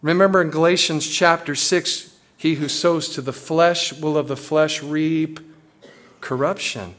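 High-voiced man preaching a sermon. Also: unhurried. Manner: animated, acts out quoted voices. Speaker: pastor.

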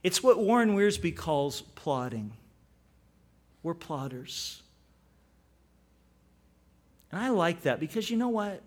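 A male pastor delivers a sermon in a relaxed, storytelling manner, and then he drives home points with sudden emphasis. His voice sits high for a man and swings widely in pitch. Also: a little slow. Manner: conversational, storytelling with animated emphasis.

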